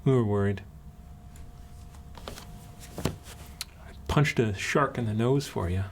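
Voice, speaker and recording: A man's voice: lowish voice, takes it slowly, slight background noise. A man voicing a big, hairy male bugbear, a friendly brute who speaks bluntly and plainly. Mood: plainspoken.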